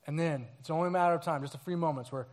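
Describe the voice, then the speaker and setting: High-voiced storytelling pastor, a man. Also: rapid-fire. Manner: storytelling, animated, acts out scenes and quotes. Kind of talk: sermon.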